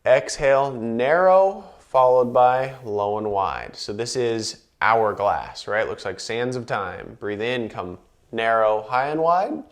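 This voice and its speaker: A man of average pitch leads a guided breathing and movement class. He calls out each inhale and exhale in a calm, unhurried way, then drops into relaxed, chatty explanations between the cues. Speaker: movement instructor.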